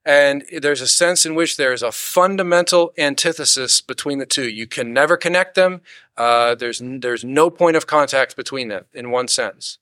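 Bright-voiced man teaching a Bible lesson. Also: mid-range voice, normal speed, smooth, no echo, clean studio sound. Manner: steady explanatory delivery with rhetorical questions; acts out quoted complaints in animated bursts.

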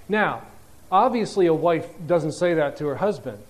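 A man's voice: on the high side, lively intonation, normal speed. A man preaching a sermon in a conversational, explanatory way, often restarting his sentences.

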